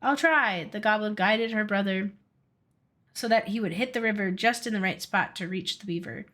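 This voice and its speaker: A woman streamer reading a storybook aloud from a game, steady with small slips and restarts. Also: medium pitch, moderate pace.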